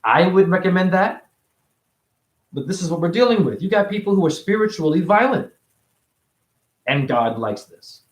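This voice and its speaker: A man giving a rambling spiritual monologue, free-associating and preachy, jumping between high exclamations and low mutters. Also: sing-song, normal speed, pauses often, echoey room. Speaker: spiritual teacher.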